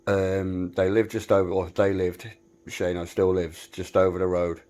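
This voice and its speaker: A British man with a fairly low voice talks casually, filming a tour of his small garage workshop. His delivery is chatty and self-mocking, with dry humor. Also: level tone, normal speed, darkish tone. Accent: British English. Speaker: woodworking maker giving a shop tour. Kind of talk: casual vlog walkthrough.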